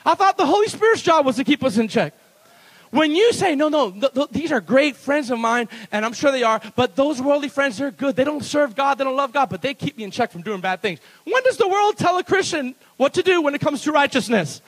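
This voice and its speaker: A man preaching a sermon as pastor at a church service, animated and playful, breaking into laughs between bold declarations. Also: very high-pitched, fairly quick, rough recording.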